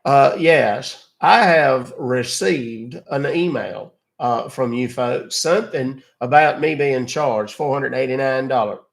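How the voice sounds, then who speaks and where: A man's voice: mid-range voice, takes it slowly, creaky, few pauses. A man with a still-recovering voice, playing a polite, rambling caller who fumbles his numbers. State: voice not fully recovered. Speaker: scam-baiting caller.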